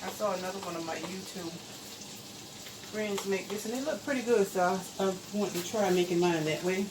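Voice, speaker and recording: A woman's voice: mid-range voice, fairly quick, background noise. Chatty woman cooking at home. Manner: chatty, homey, addresses viewers as y'all. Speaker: cooking channel host. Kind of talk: casual cooking vlog chat. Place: home kitchen.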